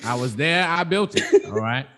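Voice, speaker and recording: A man's voice: medium pitch, animated, normal speed, fairly bright tone, natural voice. Pompous bragging sanitarium man, a podcast host putting him on, puffed-up and self-praising. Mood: boastful. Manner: boastful, pompous. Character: pompous self-proclaimed pure-hearted man boasting of his sanitarium.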